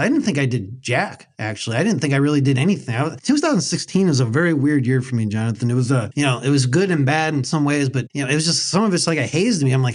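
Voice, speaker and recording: A man's voice: fairly high pitch, lively intonation, quick pace, few pauses. Brash, joking male podcast host. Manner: brash, joking, blunt storytelling. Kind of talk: casual podcast chat.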